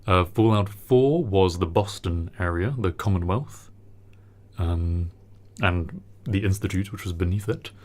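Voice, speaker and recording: A man's voice: low-pitched, unhurried, a little mellow. A man chatting casually as co-host, joking and rambling with plenty of ums. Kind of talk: casual chat.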